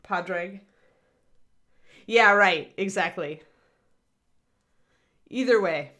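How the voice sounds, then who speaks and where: A woman's voice: medium pitch, extremely slow, sharp tone. A middle-aged woman hosting a casual livestream, chatting in a rambling way and answering viewers while painting miniatures.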